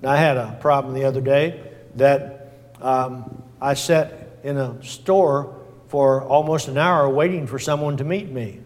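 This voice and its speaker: A man's voice: medium pitch, steady tone, a little slow. A man preaching a sermon in a folksy, plain-spoken way, repeating his points and working in small fillers. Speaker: pastor. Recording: long hall reverb.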